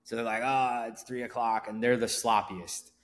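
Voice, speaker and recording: A man's voice: mid-range voice, little pitch movement, normal speed. A man guesting on a podcast, talking casually and rambling with many fillers and restarts. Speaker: event promoter guest.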